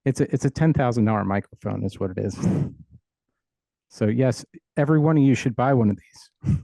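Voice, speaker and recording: A man's voice: mid-range voice, fairly quick, creaky, dark tone, no room sound. A middle-aged man, an audio engineer and educator, explaining technical ideas plainly and with humor as an interview guest on a video call.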